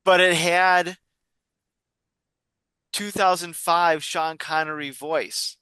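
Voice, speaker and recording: A man's voice: a little high, steady tone, slow pace, pushed and bright, smooth, dry recording. A man co-hosting a casual film podcast, rambling through stories with restarts and fillers. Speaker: podcast co-host. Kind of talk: casual chat.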